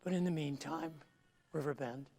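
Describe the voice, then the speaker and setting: A male pastor delivers his sermon with playful, self-mocking jokes. His voice has a gravelly fry to it. It carries a long reverb through a large church sanctuary. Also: fairly high pitch, normal speed, noisy background.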